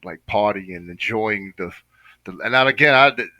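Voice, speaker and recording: A man's voice: on the low side, moderate pace, sharp tone, no room sound, low-quality recording. A man hosting a reaction video, talking in an impassioned, preachy way and saying "man" constantly. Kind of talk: casual reaction commentary.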